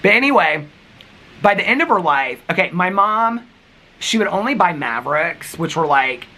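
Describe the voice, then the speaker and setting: Chatty, animated man in his fifties. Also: sits high, moderate pace. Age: 50s. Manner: rambling, chatty storytelling with frequent laughs and "like" fillers. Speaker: vlogger. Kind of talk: casual chat to camera.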